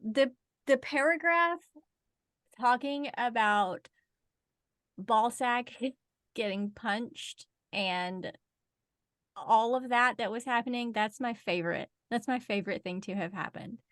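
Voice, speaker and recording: A woman's voice: on the high side, a bit bright, no echo, studio quality. A woman co-hosting a casual book chat over a video call, teasing and joking. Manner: teasing, joking, drawn-out speech. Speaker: podcast co-host.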